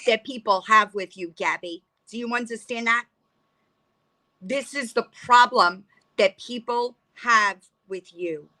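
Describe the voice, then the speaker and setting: A woman's voice: a little high, a little slow, bright, forceful tone. A woman ranting angrily in a reaction vlog, heated and profane, confronting someone directly. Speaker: commentary vlogger. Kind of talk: angry reaction rant.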